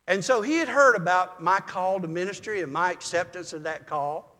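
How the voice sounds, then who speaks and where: An older man preaching a sermon as a pastor, telling folksy stories in a calm, measured way. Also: high voice, big-room sound.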